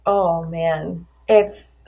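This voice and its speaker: A woman co-hosting a podcast in casual chat, giggly and animated, often laughing as she talks. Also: fairly low pitch, very slow, vocal fry. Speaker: podcast co-host.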